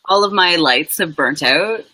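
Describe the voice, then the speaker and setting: A woman's voice: fairly low pitch, expressive, a little slow, pushed and bright, poor audio. A woman in her thirties, a guest on a casual live video chat, talking with dry, self-mocking humor over a webcam call.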